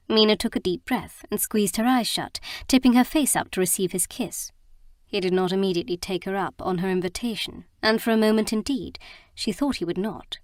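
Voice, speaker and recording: A woman narrates a romance audiobook, telling the story in an even, measured way. Her voice is medium-pitched, and the scripted narration is recorded dry with clean studio quality.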